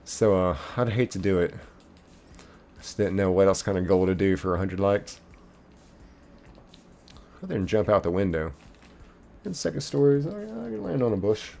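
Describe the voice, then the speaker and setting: A man's voice: sits low, animated, moderate pace, gravelly, pauses often, a little mellow. A man streaming a game live, chatting casually and reading viewer comments aloud.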